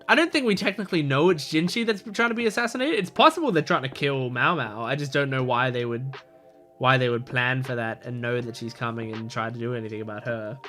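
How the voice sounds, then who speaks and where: Man, reaction host, casual rambling commentary, slightly higher voice, soft music underneath. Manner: rambling, thinking aloud with many fillers and restarts.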